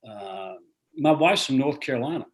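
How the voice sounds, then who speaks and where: An older man talks as a guest author over a video call. His folksy, rambling speech is full of restarts, and his voice sits in a middle pitch. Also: lively intonation, normal speed. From American South.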